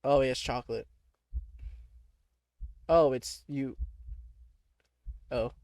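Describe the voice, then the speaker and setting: A young man reading a text adventure aloud, breaking off into quick, joking asides. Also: medium pitch, a little mellow, no room sound, clean studio sound. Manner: reads narration then reacts in quick, joking asides. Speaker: gamer.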